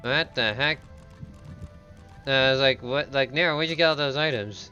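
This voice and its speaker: A man's voice: medium pitch, normal speed, bright, forceful tone, dull audio, soft background music. A man chatting casually while playing a video game with friends, eager for gear but hesitant, with many fillers. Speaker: game streamer, player. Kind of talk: casual gaming chat.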